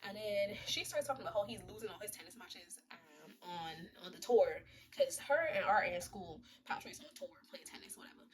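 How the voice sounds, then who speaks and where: A young woman, casually recapping a movie, quoting the characters in quick voices and laughing often. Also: mid-range voice, lively intonation, crowd noise. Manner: chatty, retells scenes in quick quoted voices, laughs often.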